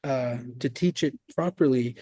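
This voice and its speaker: A man teaching a language class in a classroom, explaining patiently with relaxed fillers. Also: medium pitch, unhurried, dry recording. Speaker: language instructor.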